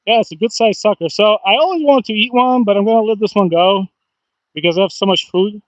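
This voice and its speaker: A man chatting casually on a fishing livestream outdoors, excitable and talkative, often bursting into whoops and laughs. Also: high-pitched, brisk, dry recording, highs cut off. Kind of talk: casual live-stream chat. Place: outdoors by the water.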